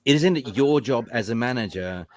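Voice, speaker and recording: A man's voice: medium pitch, lively intonation, normal speed, no room sound, clean studio sound. A man hosting a football fan panel show, chatty and opinionated, full of "you know". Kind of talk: casual panel chat.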